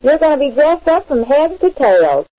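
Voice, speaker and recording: A woman's voice: high voice, sing-song, normal speed, mellow, dry recording, muffled recording. An actress playing a chatty, bossy wife in a 1930s radio comedy, insisting on her plans and mangling words as she goes. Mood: coaxing. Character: scatterbrained bossy wife, chatty, full of malapropisms.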